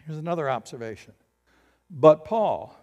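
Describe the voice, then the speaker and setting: Male pastor, higher voice, animated preaching style in a reverberant hall. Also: normal speed, lo-fi sound. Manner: animated, acts out voices and asks the congregation questions. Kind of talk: sermon.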